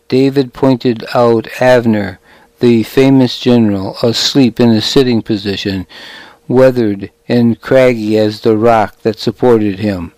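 Male narrator, scripted story reading, measured, very unhurried, dry close sound. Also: mid-range voice, darkish tone, no echo, low-quality recording.

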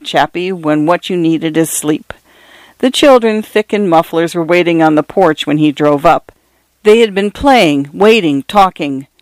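A man reading a literary novel aloud as narrator, in a measured and expressive way. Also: fairly high pitch, clean tone, no room sound. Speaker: audiobook narrator.

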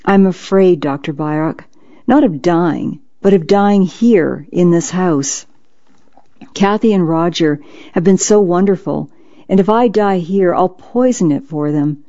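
A narrator voicing a gentle, polished older woman who is dying, speaking softly and sorrowfully in an audiobook reading. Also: mid-range voice, a little slow, highs cut off, close to an everyday voice. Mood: somber. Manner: soft, sorrowful, apologetic.

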